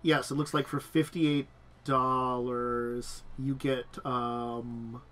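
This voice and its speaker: A man hosting a casual chat about tabletop games, a bit stuffed up, talking in halting starts with lots of ums. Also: mid-range voice, level tone, a bit bright, faint music behind. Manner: halting, many restarts and ums. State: stuffed up nose. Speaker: podcast host.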